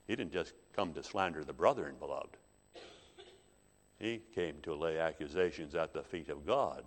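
A male preacher delivering a sermon, dramatic, swinging from hushed asides to loud emphasis. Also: sits low, lively intonation, normal speed. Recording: long hall reverb.

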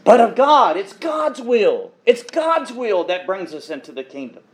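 A male preacher with a notably high voice delivers a sermon, reading Bible verses and then unpacking them. He talks emphatically and repeats key phrases for effect. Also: very animated, measured pace. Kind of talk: expository sermon reading scripture.

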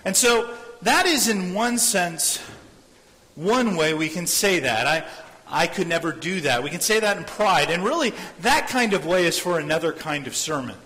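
A man's voice: sits high, animated, moderate pace, pushed and bright. A man preaching a sermon as a pastor. He speaks earnestly, repeats his phrases and acts out the voices of people he quotes. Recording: long hall reverb.

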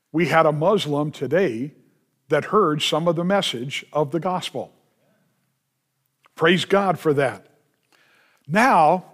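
Pastor guy preaching, kinda high voice, leans hard on words then rushes asides. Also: fairly bright tone. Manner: emphatic preaching with slow drawn-out stresses and quick asides. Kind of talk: sermon.

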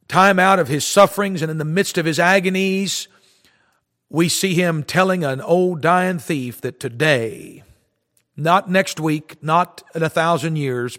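A man's voice: a little high, a bit bright, in a large hall. A man preaching a fervent, emphatic sermon, quoting scripture. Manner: fervent, emphatic preaching with King James quotes. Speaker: street preacher.

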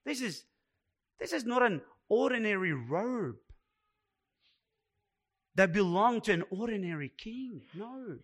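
A man's voice: high-pitched, animated, slow pace, pauses often, fairly bright tone. A man preaching a sermon as pastor, emphatic and repeating words for weight.

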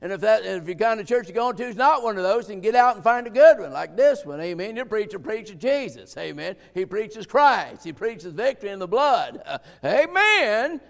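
Male preacher, high gravelly voice, folksy and emphatic, sermon in a reverberant church hall. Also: very animated, moderate pace. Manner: folksy, emphatic, swings from quiet asides to shouted points.

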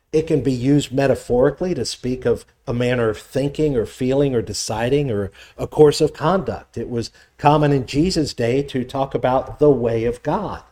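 A man delivers a teaching sermon in a mellow, relaxed voice, thoughtful and steady. He stops now and then to restart a phrase. When he reads scripture aloud, his voice rises for emphasis. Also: mid-range voice. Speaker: pastor. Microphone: presenting with slides on screen.

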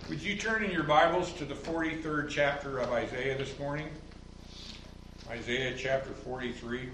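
A man preaching a sermon as pastor, building from calm reasoning to loud, rising emphasis and mimicking others in a higher voice. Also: moderate pace, reverberant, far from the mic, background noise. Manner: mocking quotes in a higher voice.

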